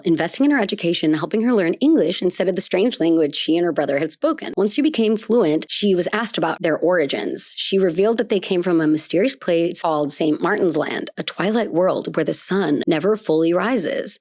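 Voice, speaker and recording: A woman hosting a podcast, reading a folk tale aloud and breaking in with playful, excited asides. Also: lowish voice, a little fast, no room sound, studio quality. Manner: bubbly, playful, reacts with gasps and squeals. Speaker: podcast host.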